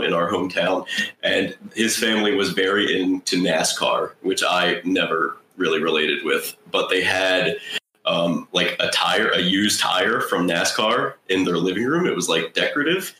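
A man's voice: sits low, pushed and bright, reverberant, a little hiss or hum, poor audio. A man co-hosting a casual movie review podcast, rambling and sardonic, swearing freely. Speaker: podcast co-host.

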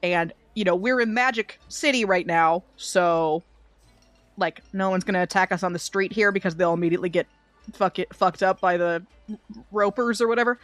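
A woman's voice: on the low side, moderate pace, a bit bright, no echo, faint music behind. A woman talking as a player in a tabletop role-playing game, rambling, correcting herself and swearing casually. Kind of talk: in-character tabletop play.

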